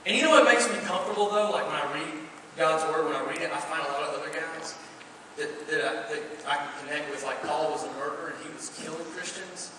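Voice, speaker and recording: A man with a Southern US accent preaching a storytelling sermon to a youth crowd, animated and rising to shouts. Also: on the high side, quick pace, background noise. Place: large indoor youth venue. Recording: echoey hall from far off, faint ambience.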